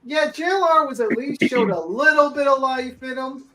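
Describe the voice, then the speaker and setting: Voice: high-pitched, normal speed, sharp tone. A speaker in a casual panel chat, talking bluntly and opinionatedly, swearing freely and laughing often.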